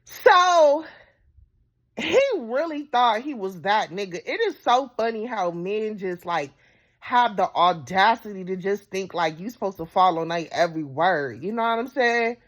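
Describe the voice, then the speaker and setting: A woman vlogger telling a dating story to her viewers in a hyper, animated and blunt way. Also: mid-range voice. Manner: hyper and animated, talks fast in bursts; assertive, blunt. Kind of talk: casual storytelling to camera.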